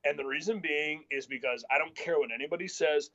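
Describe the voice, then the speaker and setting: Blunt, animated man talking football. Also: fairly high pitch, no room sound. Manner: animated, blunt, rapid bursts. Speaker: sports podcast co-host. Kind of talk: casual sports debate. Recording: dull lo-fi sound.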